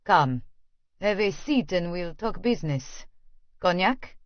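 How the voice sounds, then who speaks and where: A woman voicing a leering wealthy man who has a hint of a French accent and a smooth, insinuating way of talking. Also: lowish voice, lively intonation, takes it slowly, no echo, dull audio.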